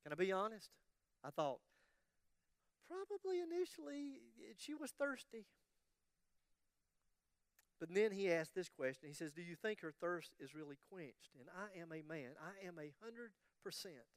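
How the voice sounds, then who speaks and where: Male pastor, higher voice, smooth and close-miked, lively storytelling sermon with jokes. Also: moderate pace, no room sound. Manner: animated storytelling, acts out quoted voices, humorous asides.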